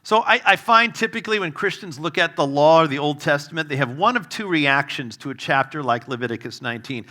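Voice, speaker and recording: A man's voice: on the high side, expressive, brisk, hardly any pauses. A man preaching a sermon as a guest speaker, conversational and humorous, with fillers and wry asides. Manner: humorous storytelling, self-deprecating asides; conversational with fillers, varied loudness.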